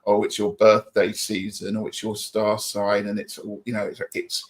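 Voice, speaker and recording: A man's voice: on the low side, completely flat delivery, moderate pace. A middle-aged man co-hosting a livestream, chatting casually and reading out viewer comments in an upbeat, friendly way. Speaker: livestream co-host.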